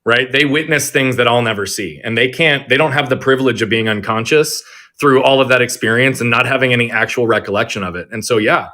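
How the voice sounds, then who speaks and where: A male guest on an interview show speaks in an earnest, reflective way. His voice sits at an ordinary middle pitch. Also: a little fast, pushed and bright. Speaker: guest, performance coach. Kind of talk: conversational interview.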